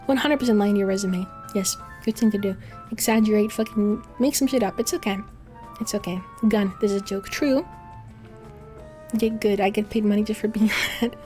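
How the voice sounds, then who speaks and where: A woman's voice: medium pitch, a little fast, dark tone, faint music behind. A woman VTuber chatting casually on a livestream, rambling and swearing often, laughing between thoughts. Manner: rambling, profane, frequent laughs. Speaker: VTuber streamer.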